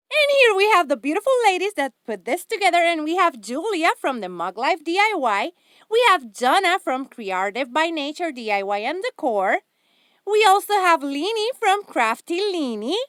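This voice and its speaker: A woman's voice: high-pitched, very animated, moderate pace, fairly bright tone, no echo, studio quality. A woman hosting a craft haul vlog, gushing and giggling with enthusiasm over each item. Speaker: craft channel host.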